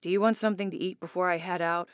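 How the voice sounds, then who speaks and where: A woman voicing a caring young man who looks after a sick friend, in a concerned and gently urging manner. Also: on the low side, fairly even intonation, rapid-fire, dry recording, clean studio sound, lightly acted. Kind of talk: audiobook character dialogue.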